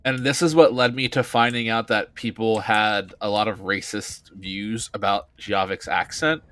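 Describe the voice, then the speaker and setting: A man's voice: lowish voice, fairly even intonation, moderate pace, fairly bright tone, dry recording. Blunt rambling male streamer. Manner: rambling, hesitant, restarts, blunt. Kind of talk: casual commentary over a game.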